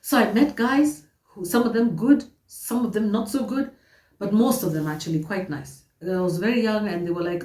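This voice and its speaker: A woman telling her own life story to her viewers, animated, emphatic and often repeating herself. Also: medium pitch, normal speed, far from the mic. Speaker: vlogger. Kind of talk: personal storytelling to camera. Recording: roomy echo, voice set back from the mic.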